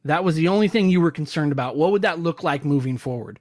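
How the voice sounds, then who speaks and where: A man's voice: a little high, expressive, quick pace, darkish tone. A man in his forties hosting a podcast, talking in a thoughtful, reflective way. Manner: thoughtful, searching phrasing. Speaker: podcast host. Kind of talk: reflective conversation.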